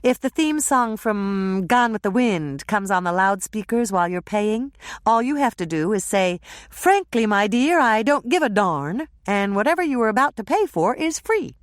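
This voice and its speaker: A woman voicing an eager, chatty young woman, delivering breathless gossip in a high, bubbly voice. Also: expressive, moderate pace, no echo, clean studio sound, close to an everyday voice. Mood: gossipy.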